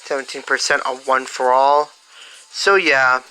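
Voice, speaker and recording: Slow, halting fan-fiction storyteller. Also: medium pitch, flat delivery, bright, forceful tone, slight background noise, rough recording. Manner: halting, many fillers and restarts. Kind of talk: improvised fan-fiction narration.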